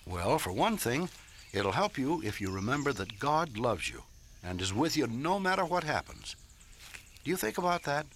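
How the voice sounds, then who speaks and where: A man playing a kind adult comforting a frightened boy in a radio drama, gentle and fatherly. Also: medium pitch, wildly swooping pitch, moderate pace, a little hiss or hum. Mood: reassuring.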